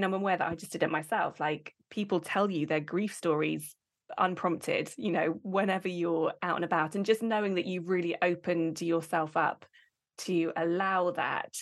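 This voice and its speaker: A British woman hosting a podcast, asking long, thoughtful questions. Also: lowish voice. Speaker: podcast host. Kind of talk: conversational podcast interview.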